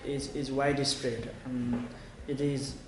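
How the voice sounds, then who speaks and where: A man with a Nepali accent giving a measured lecture, with frequent fillers. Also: mid-range voice, little pitch movement. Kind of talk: lecture on language policy. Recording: echoey room with clear noise.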